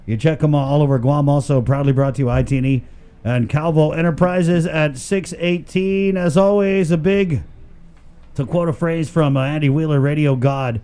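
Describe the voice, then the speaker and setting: Brief: male morning-radio host, mellow and a bit high, easygoing and jokey, studio mic. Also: fairly even intonation, normal speed, smooth. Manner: loose and jokey, many fillers. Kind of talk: casual radio banter.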